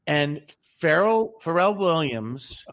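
A man's voice: a little high, expressive, takes it slowly, fairly bright tone. A man in casual chat, telling a story in a rambling way with many restarts and fillers.

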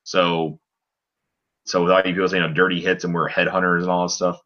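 A man with a very low voice talks through a hockey game on a casual podcast. He rambles, with many fillers and restarts. His tone is bright and forceful, and the recording sounds dull and lo-fi. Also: flat delivery, a little fast. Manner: rambling play-by-play recap with frequent fillers. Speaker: podcast co-host. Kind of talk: casual sports podcast chat.

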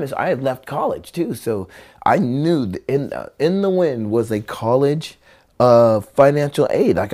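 A man's voice: mid-range voice, darkish tone. A man and former pro skateboarder telling stories in casual talk, acting out quotes in many voices and swearing freely. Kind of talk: casual storytelling.

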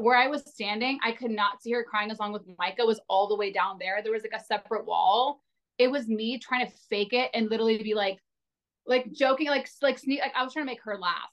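A woman's voice: a little high, fairly bright tone. A woman in her twenties, a podcast guest in casual chat, rambling with lots of "like" fillers and poking fun at herself. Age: 20s. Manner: rambling, heavy on filler "like", self-deprecating.

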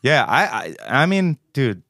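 A man's voice: medium pitch, sing-song, unhurried, pushed and bright, no echo, clean studio sound. A man with a Philadelphia-area accent co-hosting a podcast, rambling and sarcastic in casual chat. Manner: rambling, sarcastic, trails off mid-sentence. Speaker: podcast co-host.

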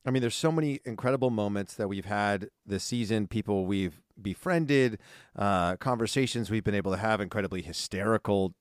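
A man's voice: lowish voice, fairly quick, dry recording. Chatty man co-hosting a podcast, dry sound. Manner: chatty, rambling with fillers and restarts. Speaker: podcast co-host. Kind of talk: casual chat.

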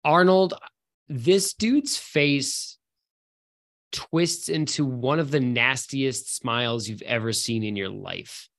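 A game master describing scenes and calling for dice rolls in a relaxed, descriptive way. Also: medium pitch, slow. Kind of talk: narrating a tabletop game.

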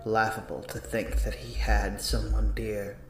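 A man narrating a rhyming holiday story in a playful, sing-song way, with soft whispered asides. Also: lowish voice, level tone, measured pace, roomy sound, soft background music.

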